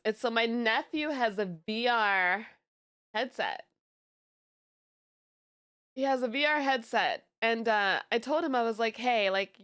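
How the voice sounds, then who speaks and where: A young woman VTuber chatting casually on stream, telling stories in an animated, giggly way and sounding tired. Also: a little high.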